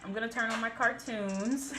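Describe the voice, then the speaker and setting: With a voice on the high side and fairly even intonation, this Bay Area woman in her thirties speaks at a moderate pace. As a vlogger, she's telling her audience a story in a blunt, chatty, profane manner, faint background music audible.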